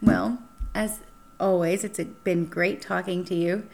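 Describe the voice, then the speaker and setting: A young woman hosting a casual podcast chat, telling a dating story with lively acted-out quotes and frequent swearing. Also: lowish voice, slow, vocal fry, a little hiss or hum. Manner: animated, acts out quotes, swears freely. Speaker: podcast host.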